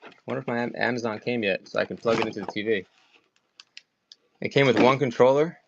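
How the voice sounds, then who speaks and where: A man's voice: medium pitch, fast talker, creaky. A man from Maryland with a slight Maryland accent, rambling chattily as an online auction seller on a live stream. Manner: rambling, chatty, many "like" fillers. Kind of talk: casual live-selling chat. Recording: slightly dull lo-fi stream audio.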